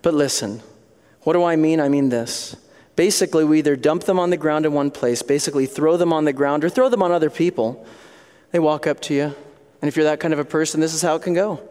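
Animated preacher in an echoing hall. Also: male voice, fairly high pitch, fast, clear, resonant tone. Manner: animated, acts out little voices and scenes. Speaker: pastor. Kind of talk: sermon.

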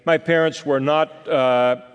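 A man's voice: fairly high pitch, fairly even intonation, slow pace, clean tone. A man in his sixties from California, preaching a sermon in a folksy, rambling storytelling way with many fillers. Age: 60s. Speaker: pastor. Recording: long hall reverb.

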